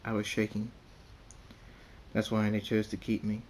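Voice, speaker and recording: A man reading his own fan fiction story aloud in the first person, halting and repeating words. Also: on the low side, monotone, a little mellow, slight background noise.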